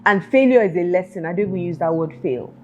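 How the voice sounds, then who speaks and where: A woman's voice: on the low side, lively intonation, fast, darkish tone, highs cut off, faint music behind. A woman hosting a self-help talk show, earnestly asking her listeners one rhetorical question after another. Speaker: podcast host.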